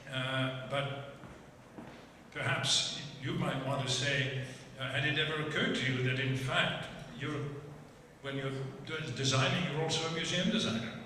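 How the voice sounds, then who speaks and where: A man moderating an unscripted onstage conversation, speaking in a measured, halting way with many hesitant pauses. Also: medium pitch, steady tone, sharp tone. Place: large event hall with a live audience. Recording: roomy hall echo, distant, faint hiss.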